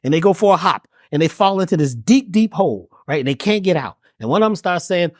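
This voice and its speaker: A man's voice: high-pitched, animated, quick pace, hardly any pauses, no room sound, clean studio sound. A man preaching a folksy parable. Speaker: guest. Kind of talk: conversational storytelling.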